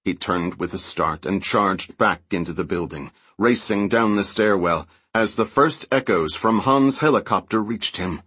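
A man narrating an audiobook with steady, even storytelling. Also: on the low side, a little slow, few pauses, husky, no echo. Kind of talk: scripted narration.

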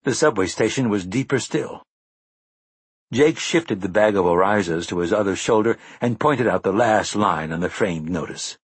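A man reading an audiobook in measured, even scripted narration. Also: low-pitched, husky, no echo.

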